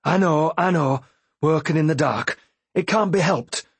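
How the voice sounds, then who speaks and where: A man doing a brisk commanding captain. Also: a little high, husky, no room sound, pitched above the performer's own voice. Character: brisk male ship captain giving orders.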